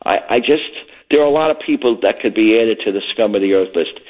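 A retired older man from Brooklyn calling in to a late-night radio show, earnest and halting, stumbling over his words. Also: on the low side, animated. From Brooklyn, New York. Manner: earnest, halting with many restarts. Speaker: caller. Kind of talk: phone call to a radio show. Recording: muffled phone line.

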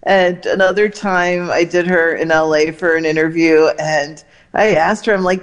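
A woman reporting entertainment news, telling lively, animated anecdotes and quoting people along the way. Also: lowish voice, normal speed. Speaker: entertainment correspondent. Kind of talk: news segment storytelling.

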